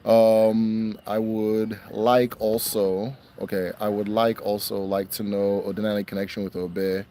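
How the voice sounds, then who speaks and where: A young man hosting a casual question-and-answer stream, talking in a relaxed way and repeating phrases for emphasis. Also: fairly low pitch, a little slow, a little hiss or hum. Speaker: host answering viewer questions. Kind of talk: casual livestream Q&A.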